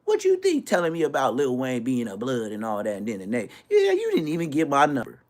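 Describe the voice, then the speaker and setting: A Florida YouTuber with a mid-range voice rants casually, animated and brash, swearing freely and quickly mimicking other people's voices.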